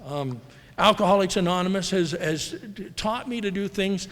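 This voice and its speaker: A man's voice: sits high, normal speed, a bit bright. Candid middle-aged man telling his story in a hall. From United States. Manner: candid, rambling, acts out quoted voices. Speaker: speaker at a recovery convention. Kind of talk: personal storytelling talk. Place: large hall. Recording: live hall recording with long reverb.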